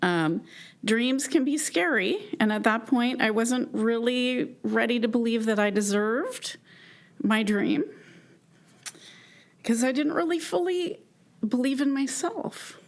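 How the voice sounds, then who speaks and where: A woman in her fifties tells her personal story to a live audience in an unhurried, deliberate way. She speaks earnestly and with emotion, stopping now and then to restart a thought. Her voice sits a little higher than most. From Canada. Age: 50s. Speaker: keynote speaker.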